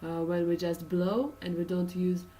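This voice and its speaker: A woman's voice: lowish voice, level tone, unhurried, warm tone, distant mic, a little hiss or hum, poor audio. A woman from Russia with a Russian accent, teaching an English pronunciation lesson with many uh and um fillers and patient explanations.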